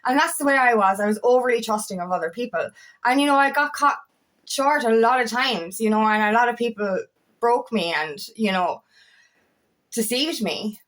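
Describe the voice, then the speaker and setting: A young woman, a coach talking excitedly and rambling, swearing freely as she speaks to camera. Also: fairly high pitch, moderate pace. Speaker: empowerment coach. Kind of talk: casual talking-to-camera monologue.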